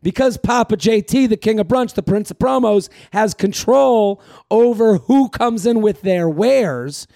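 A comedian hosting his podcast in a high, gravelly voice. He rambles through casual chat, cracks crude jokes and plugs his shows. The sound is dry and close. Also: lively intonation, a little slow, hardly any pauses, warm tone, no echo. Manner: rambling, crude joking, self-promoting.

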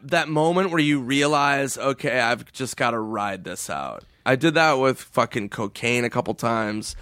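A man, a comedian, telling wild stories in a casual interview, bouncing into high-pitched voices for the people in them. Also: no room sound, studio quality. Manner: animated storyteller, acts out voices in high pitch. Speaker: comedian guest.

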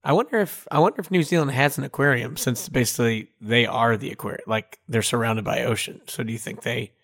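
A man's voice: mid-range voice, fairly quick, fairly bright tone. A man co-hosting a casual comedy podcast, rambling through jokey, confidently wrong guesses. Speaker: podcast co-host.

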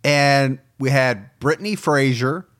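A man's voice: mid-range voice, takes it slowly, a bit bright. A man hosting a podcast, joking as he reads out supporter names. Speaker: podcast host. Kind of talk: casual podcast chat and read ad.

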